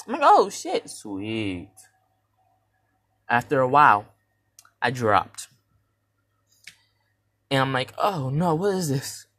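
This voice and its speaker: Speaking a little slowly and pausing often, a young man on his first podcast retells a dream casually, rambling with slang and restarts. He acts out his own reactions, leaping from loud, high shouts to quiet mutters.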